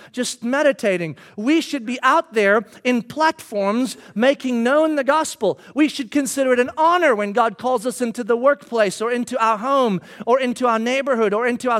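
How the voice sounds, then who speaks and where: A pastor in his thirties delivers a sermon through a lively personal anecdote. His voice sits very high for a man, and he acts out his own remarks as he tells it. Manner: animated storytelling, acts out his own lines.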